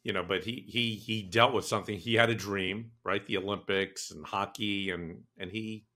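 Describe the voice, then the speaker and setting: A man's voice: lowish voice, steady tone, moderate pace, sharp tone. An older man co-hosting a podcast, talking in an enthusiastic, easygoing way. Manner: enthusiastic, laughs easily, restarts often. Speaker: co-host. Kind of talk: casual podcast chat.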